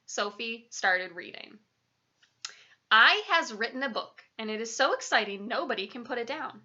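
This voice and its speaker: A woman's voice: a little high, normal speed, pushed and bright, muffled recording. A woman reading a children's book aloud, engaging and talking directly to her young listeners. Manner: engaging, asks listeners questions.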